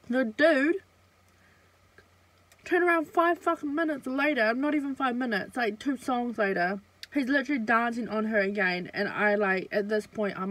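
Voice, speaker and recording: A woman's voice: medium pitch, fairly bright tone, low-quality recording. A young woman, telling a story in a casual, chatty way with lots of fillers and swearing. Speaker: vlogger.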